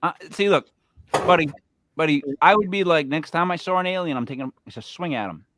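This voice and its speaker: A man's voice: fairly high pitch, fairly quick, noisy background. A man hosting an interview show, brash and joking, talking casually and stubbornly. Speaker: podcast host.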